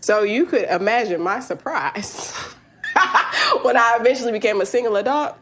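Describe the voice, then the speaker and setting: A woman's voice: a little high, animated, moderate pace, a bit bright, a little hiss or hum. A woman in her thirties hosting a podcast, telling a personal story frankly and with plenty of swearing, laughing often as she talks. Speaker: podcast host.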